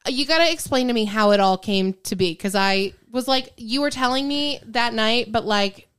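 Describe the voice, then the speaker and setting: A woman's voice: fairly high pitch, normal speed, a bit bright, clear, resonant tone. Casual woman podcast co-host. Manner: casual, uses "like" a lot. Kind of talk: casual chat.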